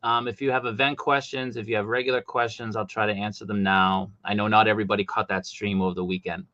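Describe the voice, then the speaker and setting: A man hosting a casual livestream chat about collectible figures, talking animatedly, his voice jumping high when he gets exasperated. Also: flat delivery, fast talker, bright, forceful tone, highs cut off. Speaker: host.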